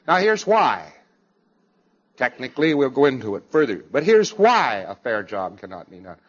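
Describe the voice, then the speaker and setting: A man's voice: mid-range voice, sing-song, moderate pace, husky, lo-fi sound. A man giving an emphatic lecture to a congress audience, with wry, sarcastic asides.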